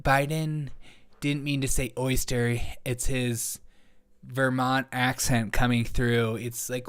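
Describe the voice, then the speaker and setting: A man's voice: medium pitch, steady tone, takes it slowly, fairly bright tone, smooth. A man in his forties hosting a comedy commentary show, reacting to chat with jokey, sarcastic asides. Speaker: host.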